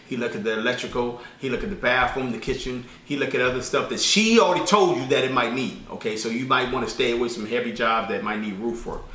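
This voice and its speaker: A man teaching an informal spoken lesson as a business credit instructor, talking fast and colloquially, rambling with restarts. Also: medium pitch, sharp tone. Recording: echoey room, distant mic.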